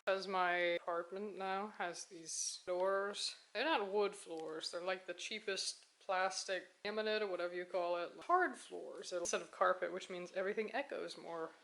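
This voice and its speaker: A woman's voice: on the low side, moderate pace, vocal fry, hardly any pauses, a bit bright. A woman narrating a casual crafting vlog at home, chatty and self-mocking, often breaking into laughter. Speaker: crafting vlogger. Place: home apartment.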